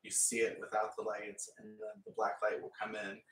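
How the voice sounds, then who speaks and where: A man's voice: on the low side, monotone, moderate pace, a bit bright. A man chatting casually and rambling as he paints, with frequent laughs. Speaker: painting vlogger. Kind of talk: casual chat while painting. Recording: echoey room, mic far off.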